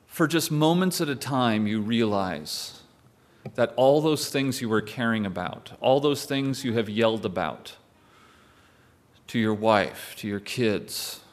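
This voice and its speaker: A man's voice: mid-range voice, animated, a little slow. A male pastor preaching a sermon in a conversational way, with wry asides to the congregation.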